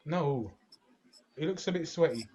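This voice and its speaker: A young man co-hosts a podcast over a video call, trading banter in heavy London street slang. His voice is a little high, expressive, and unhurried, with a darkish tone, and the online call audio is lo-fi.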